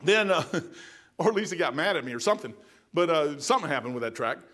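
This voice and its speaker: Brief: male preacher, middle-aged, high-pitched, folksy and emphatic storyteller. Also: expressive, fairly quick, pushed and bright. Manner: folksy, storytelling, emphatic, addresses listeners as "man". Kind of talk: sermon.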